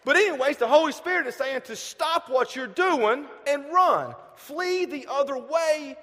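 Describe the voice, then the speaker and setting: A man in his thirties with a Southern accent, preaching a storytelling sermon, animated, swinging from loud bursts to hushed asides. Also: extremely high pitch, a little slow, hardly any pauses. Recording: long hall reverb.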